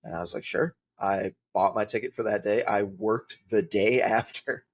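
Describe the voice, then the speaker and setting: A man's voice: fairly low pitch, fairly even intonation, moderate pace, husky. A man, a podcast guest telling rambling casual stories with lots of filler words. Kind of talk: casual storytelling.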